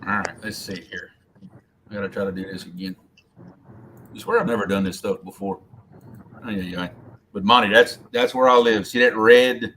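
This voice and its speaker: A man's voice: fairly low pitch, steady tone, normal speed, pauses often, fairly bright tone. A man from Louisiana with a Southern Louisiana accent, chatting casually on a fishing live stream, repeating words as he goes. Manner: drawling, repeats words as he talks. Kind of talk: casual chat. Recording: faint outdoor background noise.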